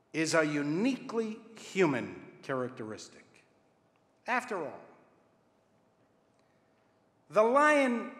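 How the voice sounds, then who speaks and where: Slow, reflective rabbi in an echoey hall. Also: male voice, high voice, a bit bright. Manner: measured, deliberate, with long pauses between phrases. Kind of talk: reflective sermon. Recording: echoey room with long reverb.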